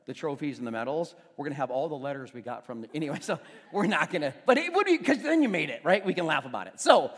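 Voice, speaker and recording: A man's voice: fairly high pitch, big pitch swings, fast, husky. Man preaching in a reverberant hall. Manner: conversational storytelling, restarts, swells to loud emphasis. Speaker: pastor. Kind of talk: sermon. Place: church hall. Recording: long reverb of a church hall, faint music.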